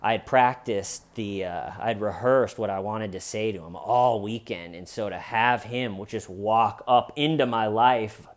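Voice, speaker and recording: A young adult man vlogging, telling a personal story casually and acting out quoted lines in a raised voice. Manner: animated retelling, acting out quoted lines with higher pitch.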